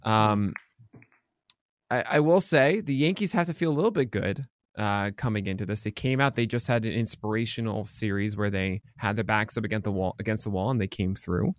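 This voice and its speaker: A man's voice: lowish voice, brisk, no room sound. A man co-hosting a casual sports podcast, chatty and rambling with many fillers and restarts. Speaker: podcast co-host.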